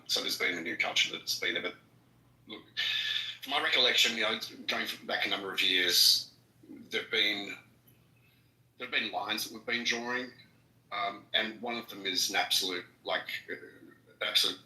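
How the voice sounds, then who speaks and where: A man speaking in a casual chat, halting with lots of ums and restarts. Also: sits low, sharp tone, echoey room, rough recording.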